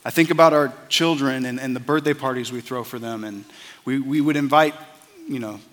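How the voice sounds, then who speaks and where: A man's voice: medium pitch, a little fast, long reverb tail. A man preaching a sermon as a pastor, earnest and conversational, often repeating words as he starts a phrase.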